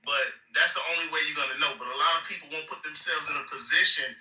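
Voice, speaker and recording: A man's voice: on the high side, fairly even intonation, fast, sharp tone, echoey room, far from the mic, rough recording. A man calling in, speaking thoughtfully and hesitantly with many fillers. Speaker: caller. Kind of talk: casual call-in chat.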